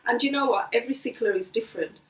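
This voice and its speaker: A middle-aged woman, the host's mother, talking gently and earnestly in a casual family conversation. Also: on the high side, fast, far from the mic. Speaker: mother of the host. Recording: echoey room, voice a bit off-mic.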